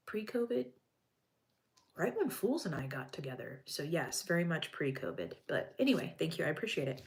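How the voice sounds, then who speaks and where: A woman's voice: lowish voice, a bit bright, low-quality recording. A woman hosting a live stream at home, reading crime news aloud and chatting with viewers, with blunt, offhand asides.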